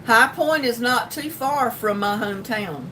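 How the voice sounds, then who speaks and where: A woman's voice: measured pace, fairly bright tone. An older woman with a North Carolina Southern drawl, chatting casually and rambling on her livestream as she answers viewers. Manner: rambling, folksy, with frequent ums and laughs. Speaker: livestream host. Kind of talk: casual livestream chat reading comments. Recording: distant mic with faint rumble.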